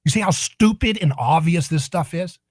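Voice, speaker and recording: A man's voice: a little high, expressive, normal speed, a little mellow, breathy edge, no room sound. A man hosting a political talk radio show, delivering a sarcastic, indignant monologue.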